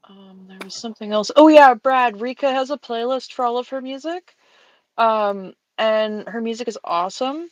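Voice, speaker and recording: A woman hosting a casual painting stream, chatty and expressive. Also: fairly high pitch, normal speed, no echo. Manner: chatty, expressive, talks to her cat. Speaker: stream host. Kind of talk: casual chat while painting. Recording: dry, dull lo-fi sound.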